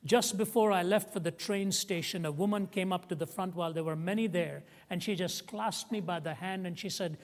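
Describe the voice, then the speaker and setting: High-voiced man preaching in a reverberant hall. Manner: storytelling, rising to emotional emphasis when quoting. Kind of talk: sermon.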